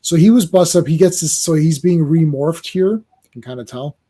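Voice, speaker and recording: A man with a fairly high but mellow voice, hosting a loose, casual conversation. He talks animatedly, leans on fillers, and keeps slipping into little acted-out bits of the characters. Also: moderate pace. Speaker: host. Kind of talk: casual chat.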